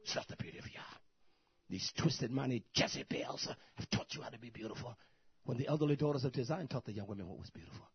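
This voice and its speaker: A man preaching a sermon, who swings from soft, murmured asides to loud, shouted bursts. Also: medium pitch, fast, slightly rough, dry recording, lo-fi sound.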